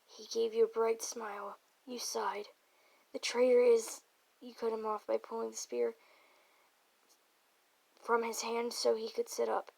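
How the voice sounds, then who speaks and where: A woman's voice: on the high side, monotone, a little slow, gravelly, long pauses, rough recording. A woman reading a fanfic aloud, stumbling over words and dropping offhand side comments.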